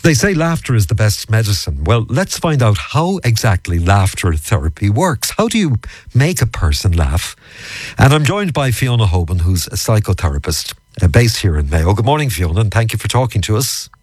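A man's voice: on the low side, big pitch swings, normal speed, darkish tone, breathy edge, no room sound. A man hosting a morning radio chat show, chatty and jokey. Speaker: radio host. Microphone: studio microphone.

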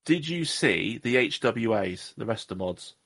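A man's voice: medium pitch, animated, unhurried, vocal fry, a bit bright. A man co-hosting a casual podcast, jokey and rambling, often stopping to correct himself. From Southwest England. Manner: jokey, rambling, self-deprecating. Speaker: podcast co-host. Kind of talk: casual chat.

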